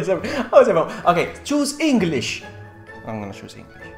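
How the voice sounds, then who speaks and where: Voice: mid-range voice, wildly swooping pitch, a little fast, vocal fry, roomy sound, faint music behind. A game streamer chatting casually on a live stream, giggly and greeting viewers by name.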